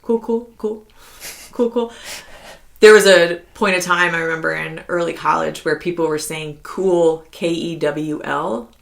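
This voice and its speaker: A woman in her thirties co-hosting a casual podcast, chatty and quick to laugh, filling her talk with likes. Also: sits low, fairly even intonation, creaky, a bit bright. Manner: chatty, laughs often, heavy use of like as a filler. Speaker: podcast co-host. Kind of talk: casual conversational podcast chat.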